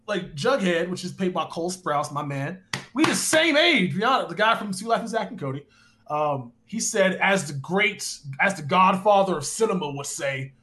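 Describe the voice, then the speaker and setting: A man in his twenties chatting casually on a live stream, animated and rambling, swearing now and then. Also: fairly high pitch. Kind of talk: casual live-stream chat about a football video game.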